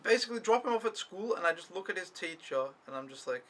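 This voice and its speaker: A man's voice: high-pitched, animated, quick pace, a bit bright, slight background noise, poor audio. A young man talking to camera in a rambling, complaining vlog recap, swearing often. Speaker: au pair vlogger. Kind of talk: casual weekly recap vlog.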